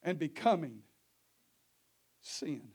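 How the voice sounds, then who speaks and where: A man's voice: on the high side, expressive, slow pace, a little mellow, breathy edge. A male preacher, delivering an impassioned sermon in a sing-song preaching cadence.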